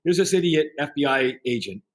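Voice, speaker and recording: This middle-aged podcast guest has a slightly high voice and talks a bit fast. In casual conversation he relates a story with animation, voicing the other characters as he quotes them.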